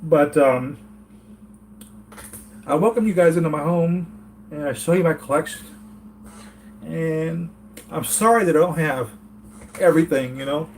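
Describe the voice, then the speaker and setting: A man's voice: on the high side, steady tone, normal speed, pauses often, darkish tone, slight background noise. A man from the United States hosting a casual live-chat vlog from his home, rambling earnestly and reading chat comments aloud. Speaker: toy collector channel host.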